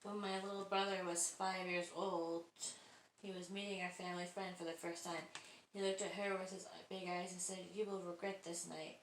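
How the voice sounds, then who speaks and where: A woman's voice: on the low side, level tone, normal speed. A woman hosting a channel, reading out listeners' creepy stories in a casual way and reacting with laughs and asides. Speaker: host reading submitted stories. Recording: echoey room, faint noise.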